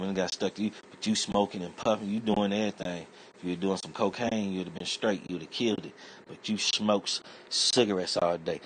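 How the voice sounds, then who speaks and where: A man's voice: sits low, slight background noise. A man delivering a rambling, profane comedic rant in a streetwise, conversational way. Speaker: internet comedian.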